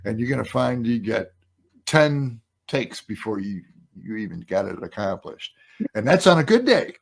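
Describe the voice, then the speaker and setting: A man's voice: on the low side, very animated, normal speed, gravelly, slightly rough. A man hosting an interview, talking in a rambling, emphatic way that trails off and restarts. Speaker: podcast host. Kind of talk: casual interview chat.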